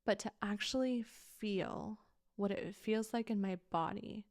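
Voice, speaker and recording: A woman's voice: mid-range voice, a little slow, a little mellow, no echo, clean studio sound. Candid woman telling a personal story. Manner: candid and emotional, with casual swearing. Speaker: podcast host.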